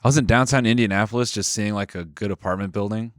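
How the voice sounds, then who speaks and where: A man's voice: on the low side, fast talker. A man co-hosting a casual podcast, joking and swearing freely with his friends. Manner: jokey, swears freely, slips into loud mock voices. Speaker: podcast co-host. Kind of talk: casual banter among friends.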